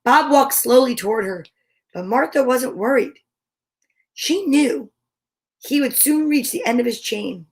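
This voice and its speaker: A woman's voice: sits high, expressive, unhurried, vocal fry, long pauses. A woman hosting a storytime, reading a picture book aloud in a playful way with comic asides. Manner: playful, chuckling at her own reading. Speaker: storytime host.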